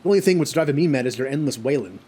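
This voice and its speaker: A man's voice: mid-range voice, animated, rapid-fire, mellow, faint music behind, natural voice. A man reading as a brash warrior woman. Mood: defiant. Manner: plain reading in his own voice.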